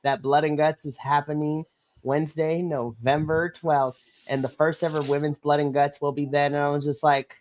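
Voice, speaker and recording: A woman co-hosting a wrestling podcast, reviewing matches in gushing, animated casual chat that breaks into shouts of excitement. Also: sits low, normal speed.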